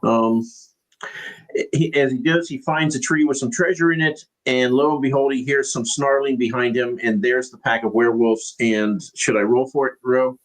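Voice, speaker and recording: Brief: male game master, relaxed hesitant narration, mid pitch. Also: normal speed, poor audio. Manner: casual, hesitant narration with fillers.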